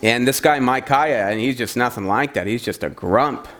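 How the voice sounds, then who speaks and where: A man's voice: mid-range voice, normal speed, a bit bright, lightly acted. A man voicing an annoyed, weary king in a retold scripture story, speaking in a casual, offhand grumble. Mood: grumbling.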